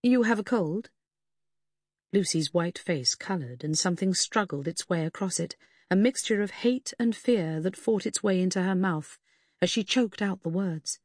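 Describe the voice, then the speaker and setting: Woman storyteller, measured narration, husky tone, dry close sound. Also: fairly low pitch, darkish tone, no room sound. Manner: measured storytelling, voicing each character. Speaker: audiobook narrator. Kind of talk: scripted narration.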